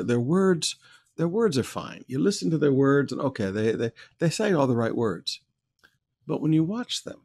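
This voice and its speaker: A man's voice: mid-range voice, creaky, a little mellow, breathy edge. A man pastor preaching a verse-by-verse sermon in church, teaching in a conversational way and growing emphatic when he reads scripture aloud.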